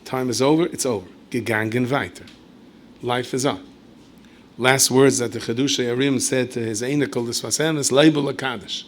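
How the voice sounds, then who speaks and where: A man, a rabbi, giving a storytelling Torah lecture in a conversational way with asides and self-corrections, and he jumps up in pitch and volume when acting out quotes. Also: normal speed, slight background noise. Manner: animated storyteller who leaps high and loud when acting out quoted speech.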